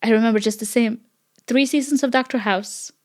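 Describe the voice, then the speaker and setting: A woman's voice: on the high side, brisk. Giggly Lithuanian woman in her thirties. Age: 30s. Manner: giggly, animated storytelling. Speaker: podcast host. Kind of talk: casual chat.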